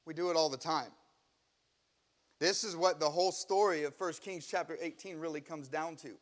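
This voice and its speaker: A man's voice: fairly high pitch, normal speed. A male pastor preaching a sermon, emphatic, acting out the scenes he tells. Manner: emphatic, acts out scripture scenes. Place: church.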